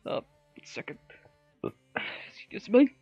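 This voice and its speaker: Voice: takes it slowly, mellow, no echo, lo-fi sound, faint music behind. A player narrating their character's actions in a tabletop role-play, rambling with many fillers and frequent laughter.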